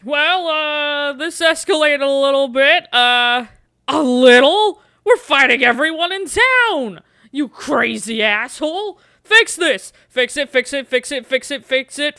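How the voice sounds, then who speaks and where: A woman's voice: high-pitched, bright, forceful tone, no room sound, studio quality. A woman streamer playing a gamebook on a livestream, chatting playfully and coaxing the dice.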